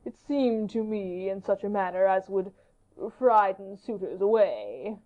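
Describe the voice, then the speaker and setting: A woman voicing a flattering male courtier in an audiobook, speaking slowly and deferentially. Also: mid-range voice, natural voice. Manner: slow, measured, deferential. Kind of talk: audiobook character reading. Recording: dull lo-fi audiobook recording.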